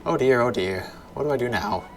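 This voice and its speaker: A man's voice: medium pitch, expressive, brisk, lightly acted. Guy doing a dramatic whiny merchant dude for a game, voice jumps all over, bit of music in the back. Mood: panicked. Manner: theatrical, self-pitying, exclaiming. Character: fussy, dramatic bearded male bazaar merchant.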